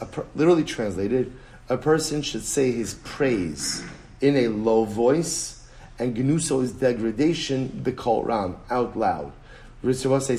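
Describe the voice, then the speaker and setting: A rabbi gives a Talmud class in a mid-pitched man's voice. He talks with energy and stresses points by repeating them. His English is full of Hebrew and Aramaic terms. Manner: animated, emphatic, repeats phrases, switches between English and Hebrew-Aramaic terms. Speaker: rabbi teaching daily Talmud page. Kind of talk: Talmud lecture.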